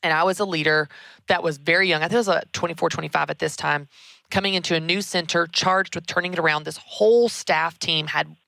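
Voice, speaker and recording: A woman, hosting a show and giving emphatic, animated career advice. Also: lowish voice, fast, creaky, no room sound. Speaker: podcast host. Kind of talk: conversational advice.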